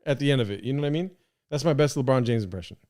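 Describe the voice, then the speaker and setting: A man's voice: mid-range voice, expressive, very fast, darkish tone, slight background noise. A man hosting a live stream, rambling in casual commentary with lots of swearing, fillers and restarts. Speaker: podcast host streaming.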